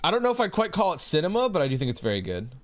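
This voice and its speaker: A man's voice: fairly high pitch, huge pitch swings, rapid-fire. A man streaming live who chats casually with his audience in a laid-back way, swearing often and calling people bro.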